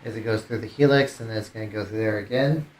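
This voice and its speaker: A man's voice: lowish voice, quick pace, darkish tone, reverberant. A man streamer giving casual gameplay commentary, thinking aloud with hesitant restarts. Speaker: game streamer.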